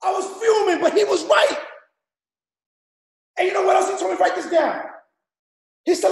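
Brief: loud, high-voiced man firing up a sales team in an echoey room, gravelly edges, drills every point twice. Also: normal speed, pauses often. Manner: loud, repetitive, drilling the audience with numbered points; street-slang preaching, rough gravelly shouting. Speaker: network marketing leader. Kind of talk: shouted motivational speech.

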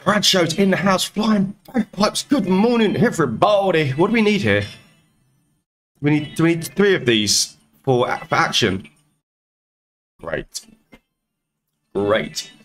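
A man hosting a live slots stream, chatting casually and greeting viewers by name in quick, upbeat bursts. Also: a little high, animated, fairly bright tone. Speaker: slot streamer host.

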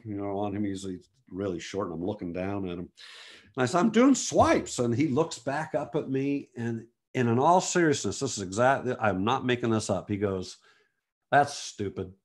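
A man from the United States, a photographer giving a motivational talk to an online group, telling stories and acting out what people said with big jumps in pitch. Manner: animated storyteller, acts out quotes with big pitch jumps.

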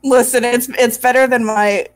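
A woman's voice: a little high, steady tone, normal speed, no echo. Playful, teasing woman player. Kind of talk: casual tabletop game chat.

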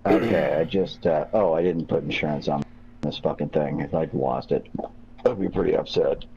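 A man's voice: very deep voice, normal speed, dark tone. A man chatting casually while playing a video game, rambling through crude jokes and laughing at them. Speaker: gamer. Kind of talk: casual gaming chat. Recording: muffled mic with noisy background.

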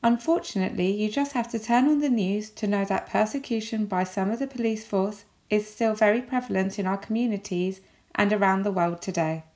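A woman with an English accent, giving a recorded lesson as a teacher with clear, measured explanations. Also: medium pitch, darkish tone.

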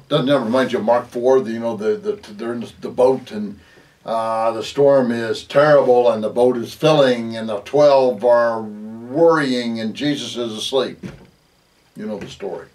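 Pastor, male, plain mid voice, unhurried devotional reader, recorded off-mic. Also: medium pitch, a little mellow, recorded from a distance. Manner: reads scripture aloud, lingers on words, with fillers. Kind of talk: devotional Bible teaching.

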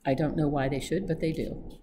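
A reader plays a witty young gentleman adventurer from a storybook, dry and ironic in every reply. The tone is mellow and low in brightness. Faint hiss sits under it. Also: steady tone, brisk, close to an everyday voice, rough recording. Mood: wry. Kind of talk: read-aloud audiobook acting.

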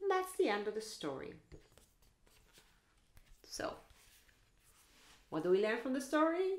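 A woman teacher reading a picture book aloud to children in an animated, playful way, with mouth sounds and sing-song asides. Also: high-pitched, echoey room. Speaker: teacher and storyteller.

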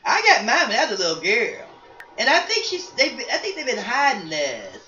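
A woman's voice: on the high side, huge pitch swings, normal speed, sharp tone, full character voice. A woman playing a rambling psychic grandma. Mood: chatty. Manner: rambling, folksy, repeats and restarts words. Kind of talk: in-character storytelling for a life-sim game. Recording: roomy, distant, dull sound with faint noise.

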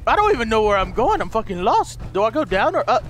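A young man doing comedic gameplay commentary, shouting mock-heroic boasts with goofy bravado. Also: high-pitched, big pitch swings, quick pace. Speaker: gaming YouTuber.

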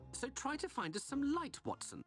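A man's voice: very high voice, sing-song, moderate pace. A man voicing a pompous, eccentric detective in a video game, with a grand, showy delivery. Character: eccentric, pompous male detective, theatrical and smug. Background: game music.

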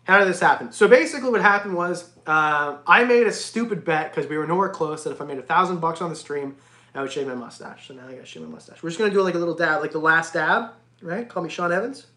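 A man hosting a casual reptile livestream, jokey and excitable, often breaking into laughs. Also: a little high, fast talker. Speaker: reptile channel host. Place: home reptile room. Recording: echoey room.

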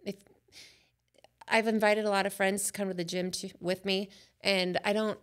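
A woman's voice: mid-range voice, flat delivery, normal speed. A woman guest on a church talk show, speaking about fitness in an upbeat, chatty way and laughing often. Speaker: guest, fitness coach from church hospitality team. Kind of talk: casual chat.

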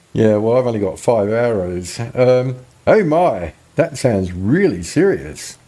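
A man's voice: medium pitch, expressive, takes it slowly, few pauses, warm tone. A man giving joking, playful commentary while playing a video game. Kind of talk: casual gameplay commentary.

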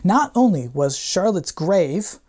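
Playful, mellow-voiced male professor lecturing. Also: sits high, sing-song, slow. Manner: playful, irreverent, slangy asides; theatrical reading of quoted passages. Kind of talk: classroom lecture.

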